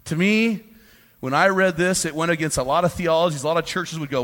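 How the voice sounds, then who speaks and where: A man's voice: fairly high pitch, a little fast. Fiery preacher man in a big hall. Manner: fiery, swings from hushed to shouting. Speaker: pastor. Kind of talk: sermon to a men's gathering. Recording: long hall reverb.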